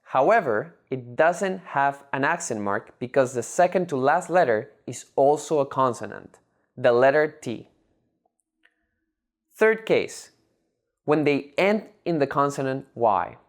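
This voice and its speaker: Lively voice teaching a lesson. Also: medium pitch. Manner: measured, spells words out syllable by syllable. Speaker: language teacher. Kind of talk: scripted lesson narration.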